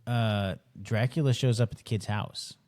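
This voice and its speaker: A man co-hosting a podcast in casual chat, laid-back and halting, with frequent restarts. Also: fairly low pitch, steady tone, darkish tone. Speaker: podcast co-host.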